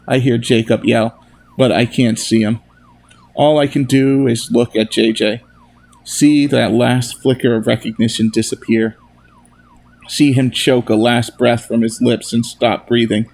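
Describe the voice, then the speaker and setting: A man reading his own novel aloud as a steady first-person narration. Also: medium pitch, unhurried, creaky.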